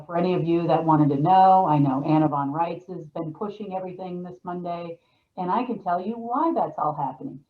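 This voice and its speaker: A woman hosting a show, talking casually in a rambling way with frequent restarts, heard over a phone-like line. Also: sits low. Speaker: show host. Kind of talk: casual monologue on a call.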